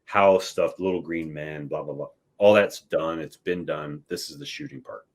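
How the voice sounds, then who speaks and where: A man's voice: rumbling low, normal speed, gravelly. A man who designs war games, explaining at length as a guest in a casual chat, with restarts and "right?" tags.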